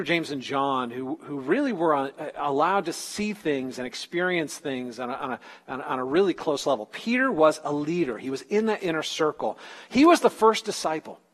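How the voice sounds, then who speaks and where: A man's voice: a little high, long reverb tail. A man preaching a sermon in a casual storytelling way, acting out the quotes in everyday slang. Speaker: pastor.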